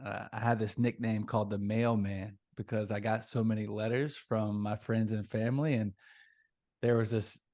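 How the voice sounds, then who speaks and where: Chill podcast host guy, kinda low voice, swapping recovery stories. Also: normal speed. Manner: relaxed, sharing his own recovery story. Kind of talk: casual interview chat.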